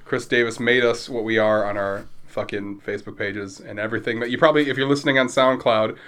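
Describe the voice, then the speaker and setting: A man co-hosting a casual podcast, animated and profane, laughing and joking with friends. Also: mid-range voice, quick pace. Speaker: podcast co-host.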